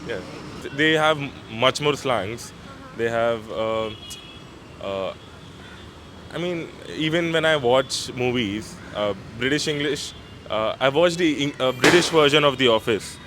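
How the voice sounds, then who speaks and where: Indian man, mid-pitched, halting casual street talk, audible traffic. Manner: halting, full of fillers. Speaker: interviewee. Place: city street outdoors. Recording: clear street traffic noise.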